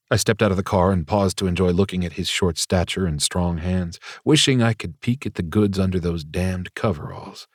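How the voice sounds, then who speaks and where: Male audiobook narrator, deep and wry, confiding first-person read, dry booth sound. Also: fairly quick, husky, no room sound. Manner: wry, confiding inner monologue.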